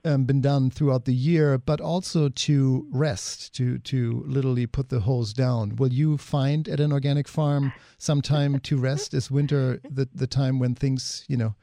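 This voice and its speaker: A man hosting a radio talk show, speaking calmly and reflectively with a few "um"s. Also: medium pitch, unhurried, few pauses, dry recording, studio quality. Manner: calm, reflective, with "um"s. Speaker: radio host.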